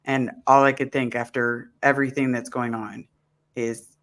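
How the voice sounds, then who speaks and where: A man's voice: medium pitch, level tone, normal speed, a bit bright. A man in casual conversation, telling an earnest story on a live stream and acting out his own thoughts. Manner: earnest, storytelling with acted asides.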